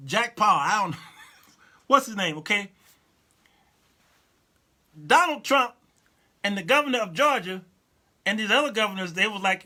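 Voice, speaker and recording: A man in his fifties hosting a talk show, talking straight to his viewers in an animated, laughing monologue and answering their chat comments. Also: high voice, measured pace, pauses often. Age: 50s.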